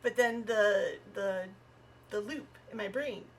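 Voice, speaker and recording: Chatting casually as a podcast guest, a woman comedian animatedly relates personal stories and acts out the voices of their characters. She has a medium-pitched voice, takes things slowly, and there's slight background noise.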